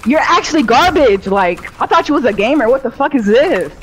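A woman's voice: high voice, big pitch swings, a little fast. Taunting young woman trash-talking. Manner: taunting, mocking, swearing. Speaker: gaming opponent. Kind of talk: trash-talking gaming banter. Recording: noisy stream audio.

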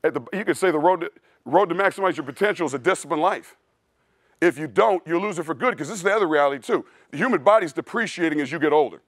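A man's voice: fairly high pitch, animated, quick pace, a bit bright, no echo, clean studio sound. A male strength coach giving a blunt, preachy clinic talk in a casual way, often calling listeners "dude". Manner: casual, says "dude" a lot. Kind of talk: clinic presentation.

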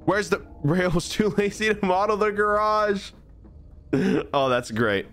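A man's voice: high voice, lively intonation, unhurried, fairly bright tone, smooth, soft background music. A young man streaming a horror game, chatting and joking to himself as he plays. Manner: chatty, jokey, talks to himself. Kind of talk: live gameplay commentary.

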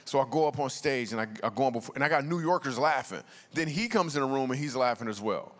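A male comedian, appearing as a guest speaker, tells funny stories to a church congregation in loose, slangy, conversational style. His medium-pitched voice is expressive and he talks fast. The large church auditorium gives the recording a long hall reverb.

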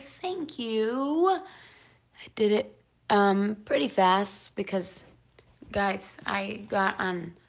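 Chatty young woman with a gravelly edge. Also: medium pitch. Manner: chatty, excitable, drifts into whispers. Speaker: singer doing a live Q&A stream. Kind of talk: casual live-stream chat.

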